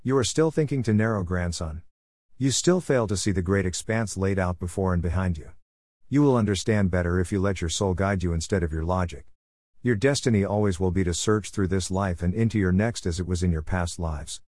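A man voicing a wise, cryptic old grandfather spirit who speaks in a calm, teaching tone. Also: sits low, a little fast, no room sound, clean studio sound. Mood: patient, teaching.

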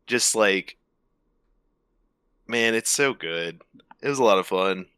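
A man's voice: lowish voice, slow pace, pushed and bright, clear, resonant tone, no room sound, studio quality. A man gushing in a casual conversation. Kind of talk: casual chat.

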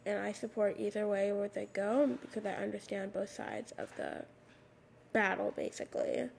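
A teenage girl hosting her own podcast, raspy with a slight lisp on her s sounds, rambling casually with lots of "like" fillers into a USB microphone. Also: medium pitch, lively intonation, moderate pace, a little mellow, a little hiss or hum. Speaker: podcast host. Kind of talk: casual solo podcast talk. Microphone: USB microphone at a computer.

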